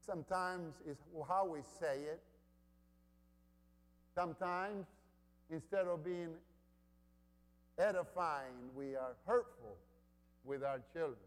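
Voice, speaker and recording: Slow, emphatic preacher in a reverberant hall. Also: male voice, on the high side. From Honduras. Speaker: pastor. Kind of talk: sermon.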